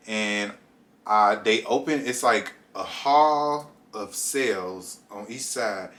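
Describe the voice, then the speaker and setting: A young man vlogging a casual storytime, animated and acting out his own reactions as he goes. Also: fairly low pitch.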